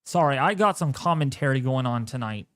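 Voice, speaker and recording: A man hosting a live weather stream, giving animated, jokey commentary full of exclamations. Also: medium pitch, a little fast.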